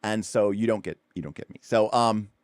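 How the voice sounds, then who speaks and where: Low-voiced man rambling through rules talk. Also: a little fast, clean tone, no echo, clean studio sound. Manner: rambling, many fillers and restarts. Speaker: tabletop RPG show host. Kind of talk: livestream talk explaining game rules.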